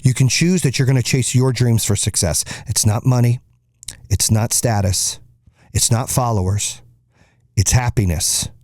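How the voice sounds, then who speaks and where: A man's voice: medium pitch, unhurried, darkish tone, no echo, studio quality. A man in his forties hosting a podcast, giving a blunt, profane motivational monologue with heated bursts. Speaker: podcast host.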